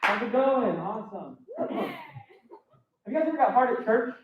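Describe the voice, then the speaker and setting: A young man doing a student stand-up set, telling crude jokes with hesitant pauses. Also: extremely high pitch, very animated. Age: young adult. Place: live comedy stage. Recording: echoey muffled room recording from far off, noisy.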